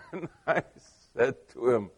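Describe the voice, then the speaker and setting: Slow-talking middle-aged preacher, man. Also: medium pitch, lively intonation, breathy edge. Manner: conversational storytelling with many asides; asks the listeners questions. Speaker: pastor. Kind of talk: sermon.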